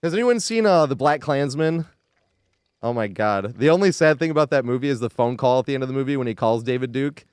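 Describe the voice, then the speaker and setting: A male game streamer talking casually with his chat while he plays. His pitch swings up and down a lot, he curses freely, and he breaks into laughter between lines. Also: animated, brisk, darkish tone, clean tone, no room sound, clean studio sound. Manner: swears freely, laughs often, reacts to chat and gameplay. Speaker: live streamer.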